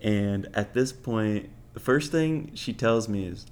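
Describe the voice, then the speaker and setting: A man's voice: on the low side, lively intonation, slow, a little hiss or hum. A young man casually telling dating stories as a podcast host, swearing and laughing often. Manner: profane and laughing, offhand. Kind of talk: casual storytelling.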